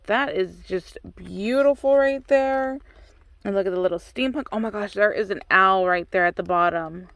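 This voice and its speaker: Unboxing a craft swap package on her channel, an American woman exclaims nonstop and raves about each item. She speaks at medium pitch and a moderate pace, slightly bright, with no echo.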